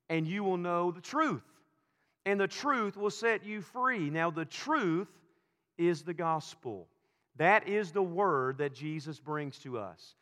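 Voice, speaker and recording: A man's voice: on the high side, fairly bright tone. A man preaching a sermon as a pastor, building his points through emphatic repetition and calling out to the congregation. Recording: long reverb of a large hall.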